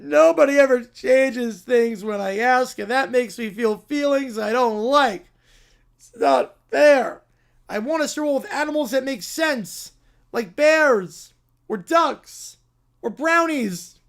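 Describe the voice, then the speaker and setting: A man voicing a sulking, whining Canadian brat in a comic skit, loud and drawn out. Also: extremely high pitch, lively intonation, a little slow, exaggerated voice. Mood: whiny. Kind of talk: reading a viewer prompt as a skit.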